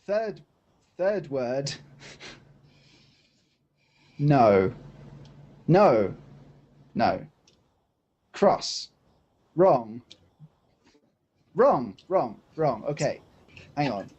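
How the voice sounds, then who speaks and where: A man's voice: medium pitch, big pitch swings, extremely slow, pauses often, a little mellow, slightly rough, dull audio. A male podcast co-host in casual chat, playfully guessing at charades with short spoken guesses.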